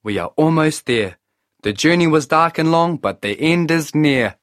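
In clean studio sound with no room tone, a man voices a bold young male trickster hero for a storybook, earnest and grand. He pitches fairly high, above his own natural voice, with lively intonation, an unhurried pace and a slightly bright tone.

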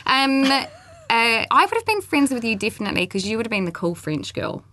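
A woman's voice: a little high, very animated, fairly quick, sharp tone. A woman, hosting a casual chat, self-mocking and trailing off into fillers. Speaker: podcast host.

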